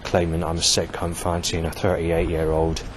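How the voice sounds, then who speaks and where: A man, talking in a halting, rambling monologue full of fillers and restarts as he reads from his notes. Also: low-pitched, monotone. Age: 40s. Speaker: vlogger. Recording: loud outdoor traffic noise.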